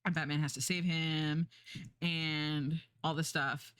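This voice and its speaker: A woman's voice: sits low, fairly even intonation, takes it slowly, fairly bright tone, smooth, no echo. A woman streamer chatting casually, rambling with lots of fillers and restarts, swearing and laughing as she recaps a show while doing a puzzle. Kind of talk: casual chat.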